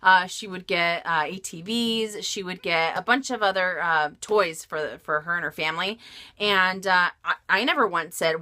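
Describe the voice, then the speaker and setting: In a casual Q&A vlog, a woman answers viewers' questions about luxury bags, speaking frankly and chattily with lots of laughter and filler words. Her voice is lowish and sharp, at a moderate pace.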